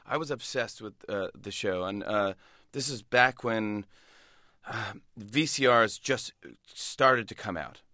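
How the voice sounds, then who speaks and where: A male comedian, a guest in an interview, telling stories in an animated way with frequent restarts. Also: on the low side, no echo, clean studio sound. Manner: animated, many restarts, quick laughs. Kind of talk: casual interview storytelling.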